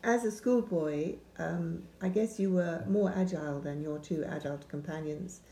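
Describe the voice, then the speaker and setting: A woman interviewer puts gentle, prompting questions to her guest. Her voice is lowish and mellow, and it echoes in the room. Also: unhurried, slight background noise.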